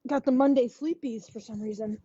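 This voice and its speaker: Woman fitness instructor chatting before class, kinda high, mellow voice, dull dry mic sound. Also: slightly rough, no room sound. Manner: relaxed, chatty, sighing and yawning. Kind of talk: casual chat before a livestream workout class. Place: indoors at home. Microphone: wireless headphone mic.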